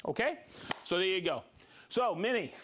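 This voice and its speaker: A man's voice: high voice, expressive, normal speed, a bit bright, slight background noise. A man hosting a live tool show, chatting casually, demonstrating gear and cheerfully reading out viewer names. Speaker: show host demonstrating tools.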